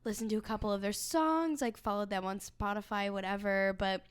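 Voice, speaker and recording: A young American woman co-hosts a casual podcast, chatty and rambling with plenty of fillers. Her voice sits at an ordinary middle pitch. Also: lively intonation, a little fast, clean tone. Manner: chatty, rambling, heavy use of "like". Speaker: podcast co-host. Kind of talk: casual chat among friends.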